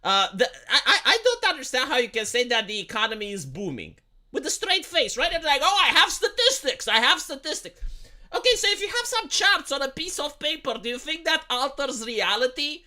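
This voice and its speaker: A man's voice: very high voice, sing-song, brisk, pushed and bright. A man live streaming a heated, profane political rant. He stammers and repeats words and fires off rhetorical questions. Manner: argumentative, asks rhetorical questions.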